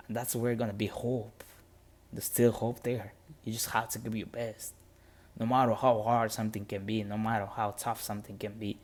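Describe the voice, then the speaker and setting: A man's voice: on the low side, darkish tone. A man telling a motivational story on a podcast in earnest, plain-spoken English with non-native grammar.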